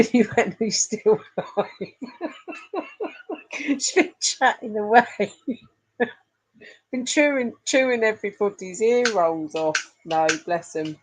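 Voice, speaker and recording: A woman's voice: medium pitch, slow, slight background noise, poor audio. A middle-aged woman hosts a casual live stream, chatting affectionately with viewers and laughing often. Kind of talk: casual live chat reading comments.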